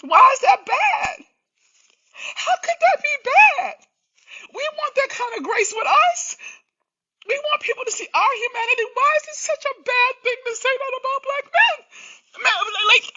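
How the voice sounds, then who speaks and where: A middle-aged woman with a high, sharp voice, speaking with passion to viewers of her live stream. She talks in a direct, slangy way and keeps hammering the same pointed questions. The audio sounds dull and lo-fi. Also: moderate pace. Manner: emphatic, repeats rhetorical questions, slangy and direct. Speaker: healing coach hosting a live stream. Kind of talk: impassioned live-stream monologue.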